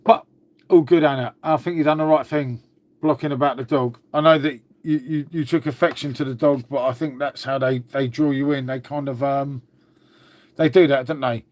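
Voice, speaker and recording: A man's voice: mid-range voice, steady tone, moderate pace, darkish tone, no room sound. A man hosting a casual livestream, chatting to viewers and swearing freely as he talks to his dog. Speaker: livestream host. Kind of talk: casual live chat with viewers.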